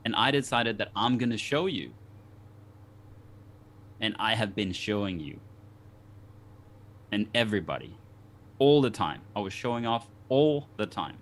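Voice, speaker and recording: A man's voice: fairly low pitch, expressive, unhurried, pauses often. A man from Denmark, a guest on a talk show, telling a personal story in an earnest, reflective way with many restarts.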